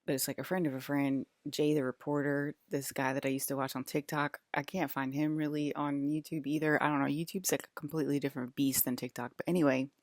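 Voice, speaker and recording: A woman with a Southern US accent talks to camera in a loose, rambling vlog. Her voice sits low, and she swears and wanders into paranoid tangents. The sound is dry and close, with no room around it. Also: flat delivery, fast, hardly any pauses, a little mellow, no echo. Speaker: vlogger.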